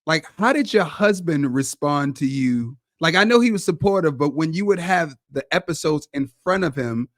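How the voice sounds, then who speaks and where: A man co-host in a casual interview, halting and repeating words as he works toward his question. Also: fairly high pitch, animated, no echo, studio quality.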